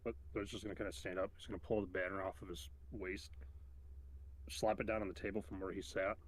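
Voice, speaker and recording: Low-voiced man describing his character's actions. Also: level tone, quick pace, a little hiss or hum. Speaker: player.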